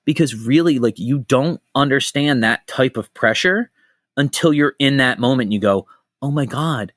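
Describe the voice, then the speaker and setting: Animated middle-aged man hosting a podcast. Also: mid-range voice, moderate pace, dry recording, clean studio sound. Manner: animated storyteller, swears freely, jumps between tangents. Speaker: podcast host. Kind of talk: casual podcast conversation.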